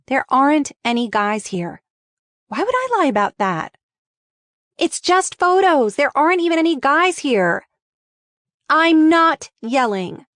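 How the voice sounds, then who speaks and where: A woman's voice: a little high, no echo, clean studio sound, pitched above the performer's own voice. A woman voicing a young woman arguing defensively with her boyfriend on the phone, while reading a script aloud. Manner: defensive, raised and exasperated.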